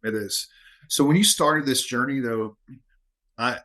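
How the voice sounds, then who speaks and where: A man's voice: mid-range voice, measured pace, pushed and bright. Easygoing male podcast host. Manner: affirming, conversational questioner. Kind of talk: casual interview.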